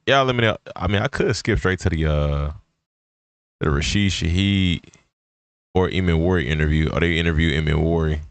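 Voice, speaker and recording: A man co-hosting a casual stream, talking in a relaxed way and thinking aloud as he sets up a clip. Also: low voice, normal speed, dry recording. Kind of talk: casual chat.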